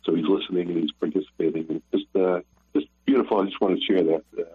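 An older man calling into a radio show, sharing a personal testimony in an earnest, halting way with many restarts. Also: deep voice, steady tone, slightly rough, no room sound. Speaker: caller. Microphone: telephone. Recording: tinny phone line.

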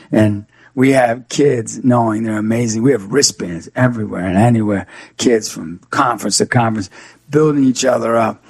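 A man, a youth speaker, telling an animated story as an interview guest, acting out the voices of the people in it. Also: gravelly, slightly rough, dry recording. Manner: energetic, acts out quoted dialogue with big pitch swings.

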